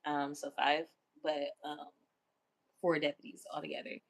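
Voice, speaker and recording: A woman's voice: low voice, level tone, normal speed. Chatty woman hosting a livestream. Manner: chatty, often asks "you know what I'm saying?"; self-affirming and candid. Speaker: livestream host. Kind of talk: casual livestream chat.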